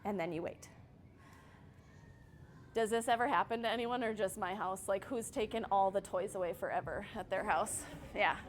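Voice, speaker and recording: A woman presenting a casual parenting workshop to a group in a church meeting room, chatty and quick to laugh, often checking in with the audience. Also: medium pitch, slight background noise.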